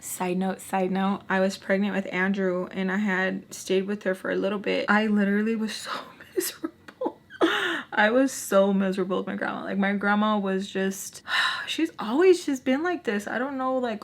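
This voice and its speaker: A young woman telling a personal story in casual storytime chat, animated and full of fillers, dropping into whispers now and then. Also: medium pitch.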